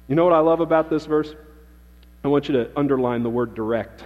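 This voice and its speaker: Speaking a little fast in a slightly high voice, a pastor delivers an emphatic sermon in a church sanctuary, repeating key phrases to drive them home. The audio is dull lo-fi carrying a long church reverb.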